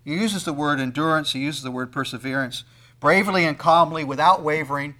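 Male preacher, a touch high-voiced, dynamic sermon delivery that acts out the people he quotes. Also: a little fast. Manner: swings between loud emphasis and quiet asides; acts out quoted speakers in conversational tones. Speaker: pastor.

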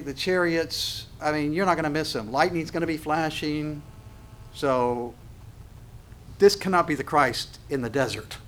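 A man preaching a sermon on scripture, animated, acting out little dialogues and often laughing. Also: fairly high pitch.

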